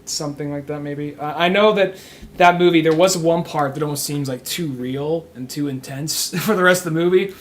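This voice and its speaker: A young man co-hosting a podcast in casual comedic chat, acting out scenes in loud put-on voices. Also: on the high side, normal speed, a little hiss or hum. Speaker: podcast co-host.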